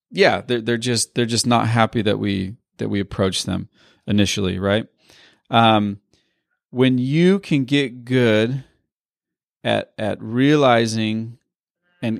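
A man's voice: lowish voice, gravelly, no echo, studio quality. A man leading a sales training session on a group call, rambling and often checking in with "right?". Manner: rambling, repeats words, asks "right?" a lot.

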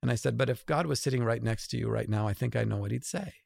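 A middle-aged man with a gravelly, creaky edge speaks in a dry, close recording. He is an author and a guest, and he tells his story with lively quoted dialogue. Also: mid-range voice, fast talker, no room sound. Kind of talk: conversational storytelling.

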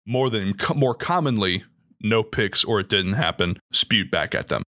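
Bright, lively young man co-hosting. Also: lowish voice, moderate pace. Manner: animated, reads rules aloud with jokey asides. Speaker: podcast co-host. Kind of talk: casual chat.

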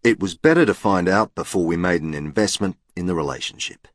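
A man's voice: sits low, a little fast, dry recording, studio quality. A man narrating a novel in the first person with a precise, matter-of-fact manner. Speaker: audiobook narrator.

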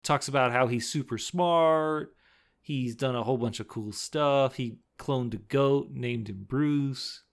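A man co-hosting a podcast, casually recapping a film and acting out quoted lines in quick put-on voices. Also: mid-range voice, vocal fry. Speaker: podcast co-host.

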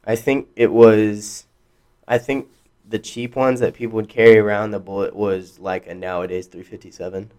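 A man's voice: on the low side, flat delivery, moderate pace, a little mellow, clear, resonant tone. A young man co-hosting a podcast in casual chat, blunt and profane, often restarting his sentences. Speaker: podcast co-host.

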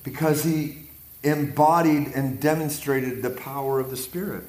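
A man with a Pittsburgh accent preaching to a leadership group, energetic and repetitive, often checking in with his listeners. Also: medium pitch, a little slow. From Pittsburgh area, Pennsylvania. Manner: energetic, repeats words, checks in with "right?" and "amen?". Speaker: guest preacher. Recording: echoey room with audience responses. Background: audience responses.

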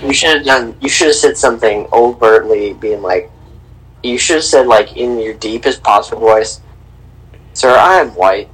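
A man from Kansas City, co-hosting a casual podcast with dry, deadpan quips. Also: mid-range voice, moderate pace, slightly rough, poor audio. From Kansas City, USA. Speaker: podcast co-host.

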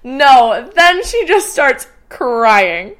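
Young woman co-host, slightly high voice, playful teasing storyteller. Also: very animated, very slow, very noisy. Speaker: podcast co-host. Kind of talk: casual chat.

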